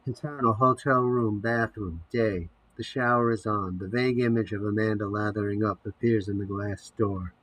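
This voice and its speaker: A man narrating an audio drama, reading scene headings and stage directions in a measured way. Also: on the low side, steady tone, a bit bright, low-quality recording.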